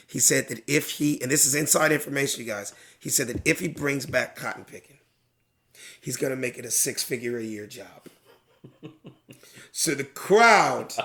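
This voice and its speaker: A man's voice: a little high, pushed and bright. A middle-aged male stand-up comedian telling stories in a casual podcast chat, acting out crowd voices and swearing freely.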